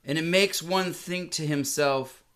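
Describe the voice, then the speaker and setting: A middle-aged man telling a comic story in a deadpan, mock-solemn, formal way. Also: on the high side, a little slow. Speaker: comedian.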